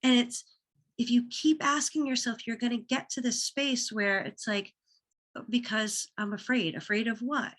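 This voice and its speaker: A woman's voice: on the high side, moderate pace, a bit bright. A woman talking as a podcast guest, sharing a personal story in an earnest, emphatic way and repeating words as she builds her point. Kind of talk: personal story in casual conversation.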